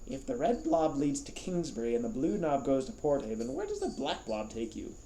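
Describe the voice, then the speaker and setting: A man voicing a brisk, sharp-tongued old woman in a storybook reading, close to his own voice. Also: mid-range voice, huge pitch swings, vocal fry, a little hiss or hum. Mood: tart. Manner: brisk, tart.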